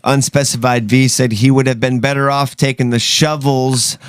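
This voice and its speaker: A man's voice: mid-range voice, moderate pace, smooth, no room sound, clean studio sound. A man co-hosting a casual live show, telling stories with lots of swearing and acting out the people and dogs in them. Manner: animated storyteller, swears freely, acts out dogs and people. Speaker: podcast co-host.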